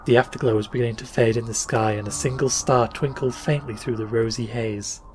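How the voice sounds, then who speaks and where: A man narrating an old short story for a podcast in a measured, even reading. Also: medium pitch, slight background noise. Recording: faint music bed under voice.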